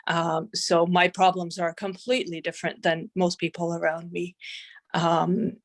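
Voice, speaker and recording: A woman business owner speaks in a panel, frustrated and halting, with nervous little laughs. Her voice sits a bit low for a woman. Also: flat delivery. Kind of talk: personal testimony in a panel discussion.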